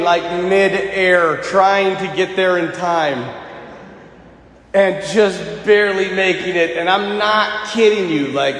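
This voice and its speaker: Guy with a high voice telling a crazy story, big shouty bits, echoey hall. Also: a little hiss or hum. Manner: lively, dramatic retelling with shouted bursts. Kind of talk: animated personal anecdote. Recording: roomy hall with long reverb.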